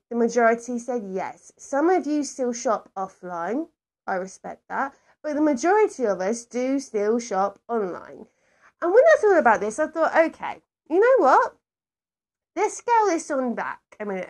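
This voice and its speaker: A woman hosts her own podcast and tells a story in a lively, rambling way, often turning to her listeners. Her voice sits high and swoops up and down a lot, and she leans hard on her asides. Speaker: podcast host. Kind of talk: chatty solo podcast storytelling.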